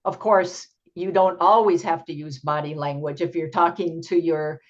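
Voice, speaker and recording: An older woman presenting an online teaching workshop, explaining slowly and patiently with frequent ums, heard over a video call. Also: sits low, fairly even intonation. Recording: dull lo-fi video call audio.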